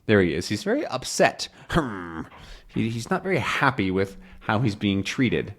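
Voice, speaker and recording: A man's voice: on the low side, big pitch swings, normal speed. A man teaching English by explaining a comic to learners, talking loosely with fillers.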